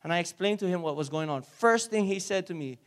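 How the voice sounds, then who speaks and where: Brief: man with a high voice, energetic sermon delivery, speaks to a church congregation and calls for responses. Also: fast.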